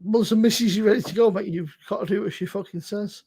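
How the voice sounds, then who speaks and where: A man's voice: sits high, fast, dark tone, slightly rough. A middle-aged man hosting a casual livestream, chatting with loose, sweary banter and frequent laughs. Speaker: livestream host. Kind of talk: casual chat.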